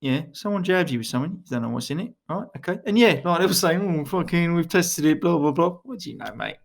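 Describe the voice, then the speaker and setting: A man co-hosting a podcast in casual comedic chat. His voice sits a little high, and he swears and laughs his way through mock-conspiratorial banter. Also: expressive, fast, gravelly. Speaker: podcast co-host.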